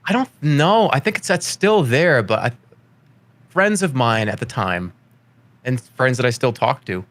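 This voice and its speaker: Expressive and unhurried, this male voice sounds a bit bright, with no echo. He's a thirtysomething Bostonian with a light accent, a rambling, joking interview guest in casual conversation who puts on high voices whenever he quotes someone.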